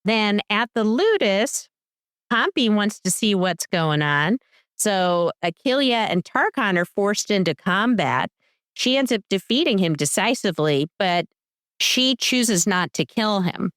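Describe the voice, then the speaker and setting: A woman's voice: mid-range voice, unhurried, no room sound. Woman, podcast co-host, casual recap chat, dry close sound, acts out quotes. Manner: animated storyteller, acts out quotes.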